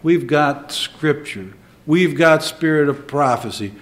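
A man preaching a sermon, moving between quiet reflection and emphatic, rising delivery. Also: on the high side, animated, slow pace. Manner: dynamic, swings between soft and emphatic.

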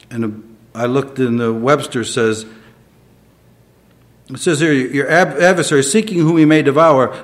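A man preaching a sermon, moving between quiet reflection and emphatic, rising delivery. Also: medium pitch. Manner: dynamic, swings between soft and emphatic.

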